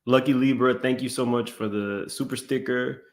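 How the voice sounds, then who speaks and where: A man with a mid-range voice hosts a live stream. He chats casually and reads out viewer messages in a relaxed, conversational way. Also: medium pitch, normal speed. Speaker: channel host.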